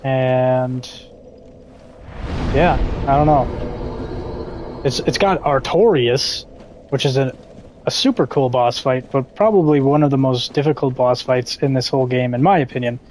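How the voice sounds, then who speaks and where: Young male streamer, laid-back and rambling, casual swearing, middle-pitched. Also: unhurried, long pauses, background noise. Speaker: gaming streamer. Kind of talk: casual live gameplay commentary.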